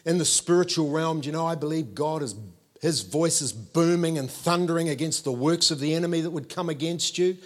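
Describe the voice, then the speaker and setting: A New Zealand-accented man in his fifties preaches in a fairly high voice at a fairly quick pace. He's animated and conversational, pausing to check in with his listeners.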